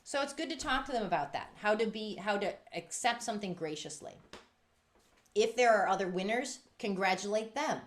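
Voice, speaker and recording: Presenting to music teachers at a moderate pace, a woman talks energetically and emphatically. She performs quotations with big jumps in pitch.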